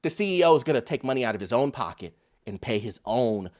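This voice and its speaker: A man's voice: medium pitch, sing-song, quick pace, background noise. A man hosting a commentary video, emphatic and mocking, acting out quotes as he reacts to clips. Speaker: host.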